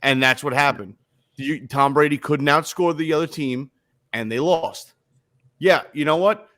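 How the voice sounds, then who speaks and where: A slightly high-voiced man rants bluntly about football on a casual podcast. He swears freely and hammers each point with repetition. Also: measured pace, bright, forceful tone. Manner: blunt, profane, emphatic with frequent repetitions. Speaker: podcast co-host. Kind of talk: casual sports chat.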